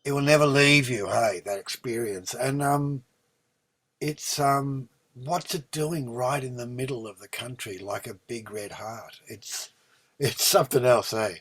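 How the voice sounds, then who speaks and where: A man's voice: medium pitch, unhurried, husky. An Australian man in his sixties, a singer-songwriter guest, telling long rambling stories with many ums and restarts. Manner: warm rambling storyteller, many ums and restarts, lively when recounting. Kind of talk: relaxed storytelling conversation.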